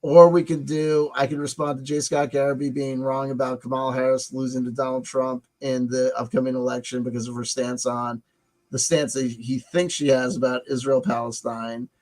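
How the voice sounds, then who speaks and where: A man's voice: medium pitch, level tone, normal speed, a little mellow, low-quality recording. A man hosting a casual live stream, musing aloud, rambling and swearing as he decides what to show next.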